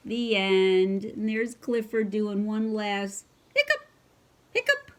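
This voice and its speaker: A woman reading a picture book aloud to her child, breaking off for chatty asides and playful hiccup noises. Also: medium pitch. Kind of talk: casual storybook read-aloud.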